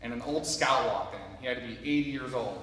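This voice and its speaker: A man's voice: mid-range voice, fairly quick, fairly bright tone, distant mic, slight background noise. A man giving a motivational talk to a live audience, telling a personal story in an earnest, conversational way and speaking directly to the listeners. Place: large hall with an audience. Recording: echoey hall recorded from afar.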